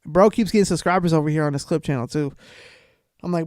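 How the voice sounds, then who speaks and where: A man's voice: fairly high pitch, fast talker, no room sound. Fired-up man ranting, dry sound. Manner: heated, exasperated, swings between shouting and muttering. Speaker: commentary channel host. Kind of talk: reaction commentary rant.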